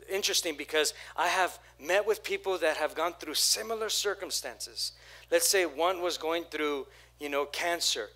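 A middle-aged man preaching a sermon as pastor, animated, acting out what churchgoers say. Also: fairly high pitch. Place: church sanctuary.

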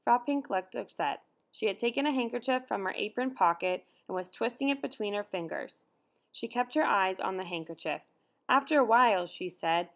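A woman's voice: medium pitch, lively intonation, normal speed, fairly bright tone. Woman narrating an audiobook. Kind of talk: scripted narration.

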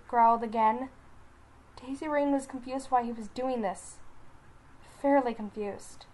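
Slow, halting young woman narrating a story. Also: on the high side, fairly even intonation, poor audio. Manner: slow, halting read with restarts, soft whispery asides.

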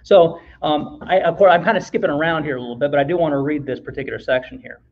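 A man with a high voice leads a Bible lesson in a relaxed, conversational way. He reads verses aloud, stops to ask the class questions, and adds the odd joke. The sound is dull and lo-fi. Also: fast.

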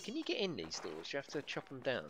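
A man's voice: medium pitch, wildly swooping pitch, fast talker, very noisy. A man chatting casually as he streams a video game, swearing freely and laughing often. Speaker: gaming livestreamer. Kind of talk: casual live gameplay commentary.

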